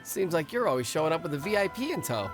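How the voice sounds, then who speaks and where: A talkative young food-stall owner from a video game, bubbling with eager enthusiasm. His voice is high and bounces widely. Game music murmurs in the background. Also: big pitch swings, quick pace. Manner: enthusiastic, rambling.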